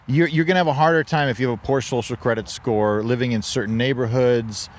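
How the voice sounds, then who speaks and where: A man co-hosting a comedy podcast, talking in an easygoing, halting way with frequent restarts, outdoors in a park. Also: mid-range voice, fairly even intonation. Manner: easygoing, hesitant, many restarts. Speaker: podcast co-host and editor. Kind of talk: casual comedy chat.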